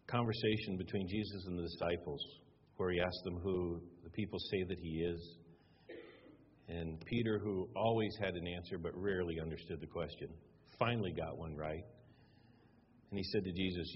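Low-voiced pastor man preaching in a reverberant hall. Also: slight background noise. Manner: conversational, retelling dialogue with varied emphasis. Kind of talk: sermon with storytelling. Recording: dull sound with long hall reverb.

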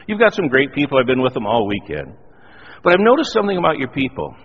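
A middle-aged man preaching a sermon, telling a personal story with animated, self-deprecating humor. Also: mid-range voice, creaky, husky. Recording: dull lo-fi audio in a reverberant hall.

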